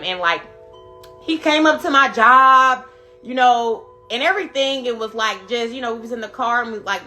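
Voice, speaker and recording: Young woman, live-stream host, bright and emphatic, swears a lot, talks straight to viewers. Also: fairly high pitch. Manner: emphatic, profane, addresses viewers directly. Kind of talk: casual storytelling to viewers.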